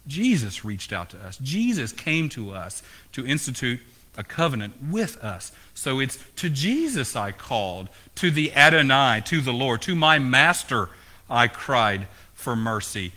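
A man's voice: mid-range voice, sing-song, measured pace, bright, forceful tone. A man preaching a sermon as pastor, asking the congregation questions, his voice rising and falling. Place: church.

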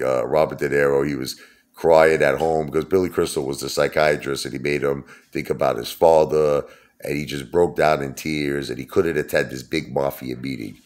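A middle-aged man hosting his own channel, telling rambling stories in a joking, self-mocking way. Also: a bass voice. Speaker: YouTube host. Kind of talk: casual rambling vlog talk.

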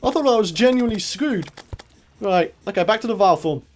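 A young man commentating his own gameplay, excitable, laughing often and shouting when in trouble. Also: sits high, fairly quick, slight background noise. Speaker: gaming channel host. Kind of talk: let's play commentary.

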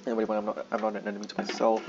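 A man's voice: lowish voice, monotone, racing, muffled recording, music in the background. A man giving casual gameplay commentary, often exclaiming in frustration at the game.

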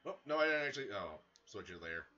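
A husky male streamer talks his way through a fighting game with a wildly swinging pitch, leaping from low muttering to loud yelps. His bright, forceful voice comes through dull, lo-fi stream audio. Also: fast talker. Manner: excitable, with sudden loud outbursts. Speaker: gaming streamer. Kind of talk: casual let's-play commentary.

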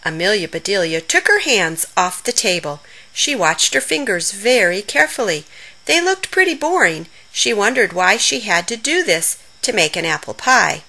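Animated woman reading a kids' story. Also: mid-range voice, moderate pace, low-quality recording. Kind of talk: children's story read-aloud.

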